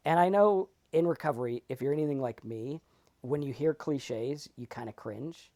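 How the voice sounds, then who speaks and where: A man co-hosting a casual talk on sobriety and spirituality. His delivery is animated and emphatic, and he slips into playful character voices as he tells his stories. He curses freely. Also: mid-range voice, normal speed. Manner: animated, acts out characters in anecdotes. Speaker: podcast co-host.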